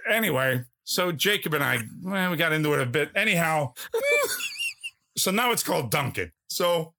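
A man's voice: on the high side, sing-song, normal speed, gravelly, sharp tone, heavily acted. A man doing an impression of a brash older male movie star over a phone call, profane and rambling as he spins a story. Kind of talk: comedy podcast impression.

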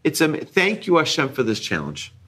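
A man giving an ethics class to a group, earnest and repetitive, his voice rising higher and louder whenever he stresses a point. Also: wildly swooping pitch, normal speed. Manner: earnest, repeats key phrases, rises in pitch and volume when stressing a point. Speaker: religious teacher.

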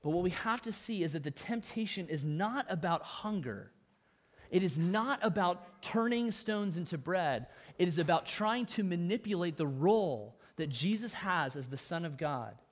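A man's voice: sits high, expressive, moderate pace. A man preaching a sermon, talking in an easy, conversational way, with emphatic stresses and dry humorous asides. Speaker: pastor.

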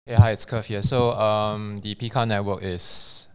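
A man, a clinician, offering a measured comment in a group discussion, heard from a distant mic. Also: fairly low pitch, steady tone, darkish tone, clean tone.

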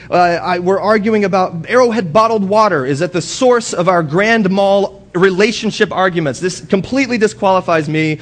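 A man's voice: fast, hardly any pauses. A young man giving a casual sermon in a church, telling personal stories and mimicking arguments in a raised voice. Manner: animated storytelling, mimics quarrels in a high voice. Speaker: guest speaker. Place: church hall.

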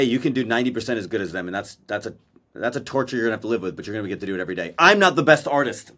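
On a video call from Maui, this podcast co-host chats casually, blunt and swearing, and says he's a verbal processor. His voice is medium-pitched with a fairly bright tone.

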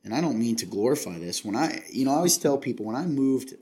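A man's voice: mid-range voice, lively intonation, quick pace, warm tone. A man from Kentucky hosting a casual chat, earnest and confiding, rambling with many restarts.

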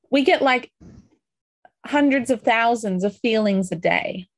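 A woman coaching a group on a call, upbeat and encouraging, talking through feelings and sometimes acting out excitement. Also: fairly high pitch, no room sound. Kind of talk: motivational coaching talk.

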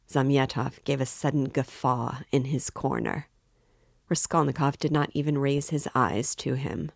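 A woman hosting a read-along, reading a classic novel aloud in a slow, steady manner. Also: very deep voice, gravelly, no room sound, clean studio sound. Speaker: reader.

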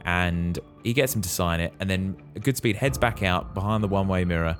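A man hosting a podcast, retelling a movie plot in a relaxed way and quizzing his co-host. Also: low voice, brisk, soft background music. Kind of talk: casual movie recap.

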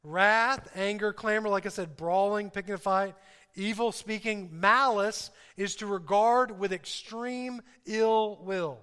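A man's voice: sits high, a little slow, a bit bright, clean tone. A man preaching a sermon, emphatic, asking his listeners questions and repeating key points. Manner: emphatic, asks the audience questions. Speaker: pastor. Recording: reverberant hall.

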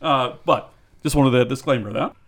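A man's voice: mid-range voice, a little fast. A man co-hosting a casual podcast, talking in a rambling way with restarts. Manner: rambling with frequent restarts and laughter. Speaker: podcast co-host.

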